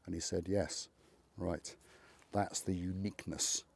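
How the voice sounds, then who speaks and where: A man's voice: on the low side, normal speed, dark tone. An older man hosting his channel, telling a story in a chatty monologue and acting out remembered dialogue. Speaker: channel host. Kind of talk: casual motivational monologue.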